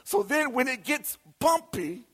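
A preacher with a very high, husky voice delivers a sermon to his congregation. He calls out to the room and builds his points into shouted, repeated refrains. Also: big pitch swings, a little slow.

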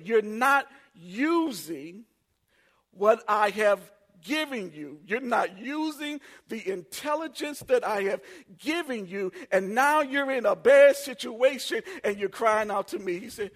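A man in his forties preaching a sermon, telling funny personal stories and building up to shouts. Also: sits high, expressive, a little slow. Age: 40s. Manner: humorous storytelling, builds to shouting. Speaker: pastor.

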